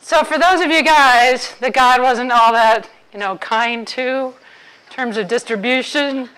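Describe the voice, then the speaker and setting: A woman's voice: high-pitched, measured pace, a bit bright, clean tone, low-quality recording. A woman author giving a humorous talk to a live audience, playfully quizzing the crowd. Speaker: author and intimacy speaker.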